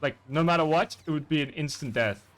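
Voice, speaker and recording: A man chatting casually while gaming, animated and swearing freely. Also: on the high side, fairly quick. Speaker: streamer playing a game.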